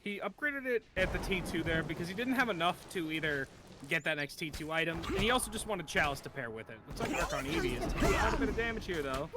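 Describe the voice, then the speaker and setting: High, lively male esports analyst. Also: fast. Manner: analytical, rises to excited shouts on plays. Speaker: color commentator. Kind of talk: esports commentary.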